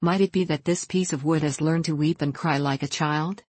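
A woman reading the part of a jittery old male carpenter who mumbles and stutters from fright, in a low voice. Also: fairly even intonation, normal speed, darkish tone, slightly rough, no echo. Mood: frightened.

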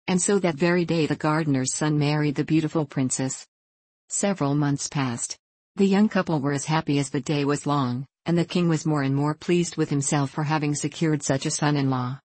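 Low-voiced woman reading a fairy tale. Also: moderate pace, darkish tone, no echo. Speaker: narrator.

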